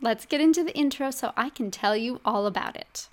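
A woman's voice: on the high side, a little fast. A middle-aged woman hosting a podcast as a health coach, talking to the listener in a chatty, upbeat way. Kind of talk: scripted podcast monologue.

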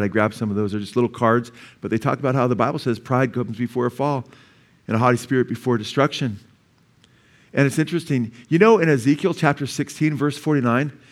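A male pastor preaching a conversational sermon, full of asides and rhetorical questions. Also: mid-range voice.

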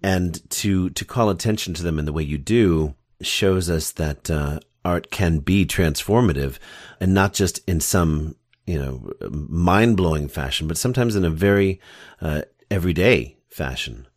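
A man's voice: deep voice, measured pace, no room sound, studio quality. A man hosting a podcast, chatting in a rambling, enthusiastic way. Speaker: podcast host. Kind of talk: casual interview chat.

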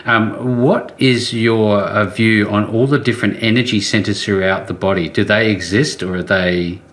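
A man hosting an interview show on a remote call. He speaks a little low and asks his questions in a rambling way, with many restarts. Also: steady tone, a bit bright. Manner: rambling, halting questions with fillers. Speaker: show host.

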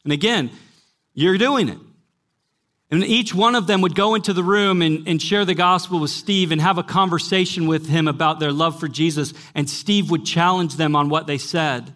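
A pastor who once taught college preaches to a young adults gathering at church, telling stories with emphasis before a live audience and saying "listen" again and again. His voice is fairly high and fairly bright, moving a little fast with few pauses.

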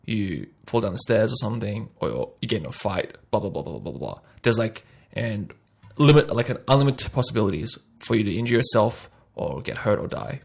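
A man with a gravelly, husky voice hosts a casual podcast chat. He acts out little scenes playfully, jumping between hushed asides and loud bursts. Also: lowish voice, big pitch swings, a little fast. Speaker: podcast host.

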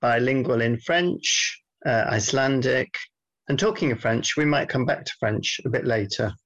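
A man co-hosting a podcast in casual banter, with dry, teasing, deadpan asides. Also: mid-range voice, moderate pace, dull audio. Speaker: podcast co-host.

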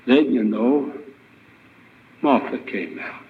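A man's voice: mid-range voice, lively intonation, slow, slight background noise. A man preaching a sermon as guest speaker, retelling scripture with emphatic rhetorical questions. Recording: tinny, phone-like lo-fi recording.

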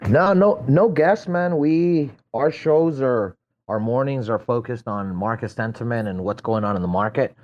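A man's voice: medium pitch, moderate pace, a little mellow, muffled recording. A man who hosts a morning market show, talking in an upbeat, teasing way in a casual online chat.

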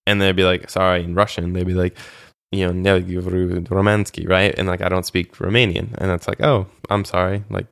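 A man with a low, smooth, resonant voice recounts his volunteer years in a relaxed interview. He talks in a chatty, animated way, full of fillers and restarts. The sound is dry and close, with no room around it. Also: brisk, dry recording. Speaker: interview guest, former volunteer. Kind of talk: casual conversational interview.

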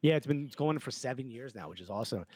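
A man's voice: medium pitch, quick pace, breathy edge. A man, a comedian telling stories in a casual podcast chat, acting out dialogue and laughing often. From New York. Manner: animated storyteller, acts out dialogue, laughs often. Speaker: comedian guest.

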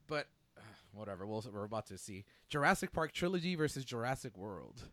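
Upbeat bright-voiced man hosting. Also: on the low side, animated, a little fast, dry recording. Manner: enthusiastic, laughs often. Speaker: podcast host. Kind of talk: casual chat.

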